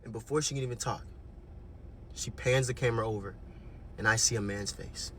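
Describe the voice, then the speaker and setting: A young man telling a storytime monologue in an animated, slangy way, often checking in with the listener. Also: fairly low pitch, a little fast. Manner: animated, slangy, keeps checking in with "right?" and "okay?". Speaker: vlogger.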